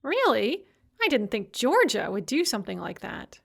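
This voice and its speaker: A woman's voice: a little high, wildly swooping pitch, moderate pace, creaky, heavily acted. A woman narrator voicing a supercilious, self-absorbed young woman activist who whines and talks down to others. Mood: complaining, superior. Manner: condescending, complaining.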